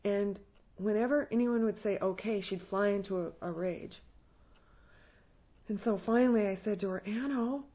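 A husky, slightly breathy woman tells a personal story, often laughing, her voice rising and getting louder when she quotes herself. The recording sounds dull and lo-fi, with the high end muffled. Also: steady tone, normal speed, long pauses.

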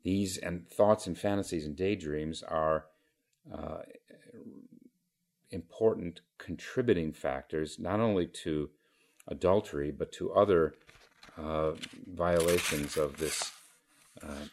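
Male Zen teacher, dharma talk; very deep, unhurried, hesitant delivery full of pauses. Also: darkish tone. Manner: halting, measured, frequent pauses and fillers.

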